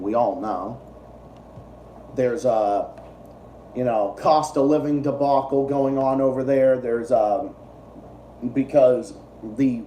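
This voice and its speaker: A man's voice: mid-range voice, warm tone, roomy sound, recorded from a distance, a little hiss or hum. A young man hosting a livestream, ranting in a profane, repetitive and exasperated way. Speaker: political livestream host. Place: room at home, eating while streaming.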